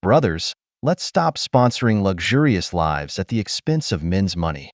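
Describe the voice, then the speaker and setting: A man's voice: low voice, expressive, normal speed, dry recording, studio quality. A man narrating scripted commentary in a lecturing, preachy way.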